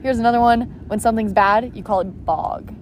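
A young woman talks as a podcast guest, playful and enthusiastic, with a fairly high voice. She is recorded outdoors. Planes and traffic are clearly heard behind her. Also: a little fast, a little mellow. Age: 20s. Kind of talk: casual podcast chat. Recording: outdoor noise with passing planes.

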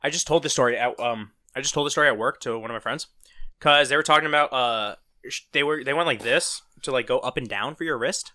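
Young guy cohosting a podcast, talks fast, bright voice, animated storytelling. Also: medium pitch. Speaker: podcast co-host. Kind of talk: casual chat.

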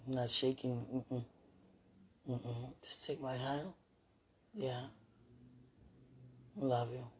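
A woman murmurs an emotional spoken prayer, her voice deeply husky and breathy. She talks slowly and softly, as if calming herself while she prays. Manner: murmured, soft-spoken, self-soothing. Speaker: mother.

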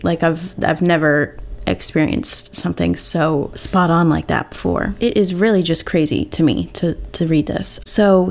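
A woman's voice: medium pitch, darkish tone. A young woman hosting a solo podcast, talking candidly and casually, often restarting her sentences and swearing. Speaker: podcast host.

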